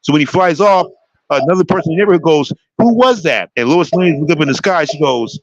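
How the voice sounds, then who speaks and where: He's a show host with a slightly high voice, chatting at a quick pace about a TV show, eager and rambling with plenty of false starts. The dry recording comes from a slightly dull lo-fi microphone.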